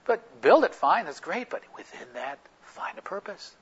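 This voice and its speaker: A man preaching a sermon, telling an anecdote in an animated storytelling manner and acting out quoted dialogue. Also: sits high, normal speed, breathy edge, dull audio.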